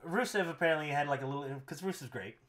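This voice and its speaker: A young man co-hosting a casual wrestling podcast, animated and laughing often as he reads and acts out quotes. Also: on the high side, quick pace. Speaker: podcast co-host.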